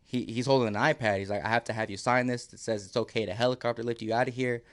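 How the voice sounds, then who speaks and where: A man's voice: mid-range voice, steady tone, quick pace, fairly bright tone. A man, a podcast guest, telling a story casually, acting out quotes and laughing often.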